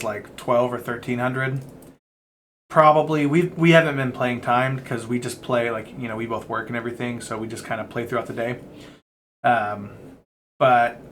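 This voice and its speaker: A man's voice: medium pitch, fairly bright tone, a little hiss or hum. Rambling young man chatting to camera. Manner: rambling and candid, sprinkled with swearing and fillers. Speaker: vlogger. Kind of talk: casual chat to camera.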